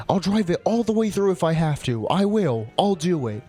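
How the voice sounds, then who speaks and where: Guy doing a mean threatening dude voice, loud, pushed up. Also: sits high, sing-song, moderate pace, breathy edge, soft background music, voice pushed up, exaggerated voice. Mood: menacing. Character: menacing male rival, cold and threatening.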